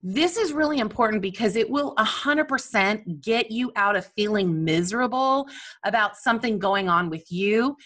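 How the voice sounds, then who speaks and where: A woman coach talks openly in a personal monologue, animated and self-mocking. Her voice is bright and forward, at a middling pitch. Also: normal speed.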